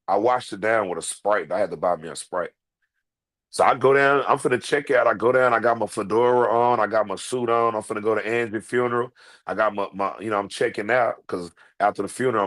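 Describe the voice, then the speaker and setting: A man hosting his own show, telling a comedic, profane story straight to his viewers and calling them "y'all.". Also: medium pitch. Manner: profane, animated, talks to the audience as "y'all". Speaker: online show host.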